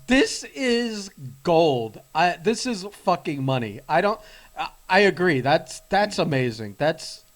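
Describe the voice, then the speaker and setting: Male co-host, a bit high-pitched, eager and rambling, casual and profane. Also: lively intonation, unhurried. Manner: enthusiastic, rambling, swears casually. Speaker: podcast co-host. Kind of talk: casual chat.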